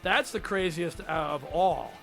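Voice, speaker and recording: A man in his forties with a high, gravelly voice, co-hosting a casual podcast chat. He reacts excitably, with quick exclamations and curses. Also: faint music behind. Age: 40s. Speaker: podcast co-host.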